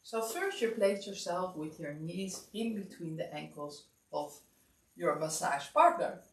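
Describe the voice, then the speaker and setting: A woman teaching a massage class, giving calm step-by-step instructions in a relaxed, drowsy way. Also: lowish voice, unhurried. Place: warm room. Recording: echoey room, distant mic.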